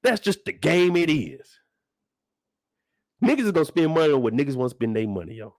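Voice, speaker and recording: High-voiced young guy going off about a tv show, swoops all over, cussing a lot. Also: fairly quick, dry recording. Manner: loud, animated, profane ranting with big pitch swings. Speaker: channel host reacting to a TV episode. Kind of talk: casual reaction commentary.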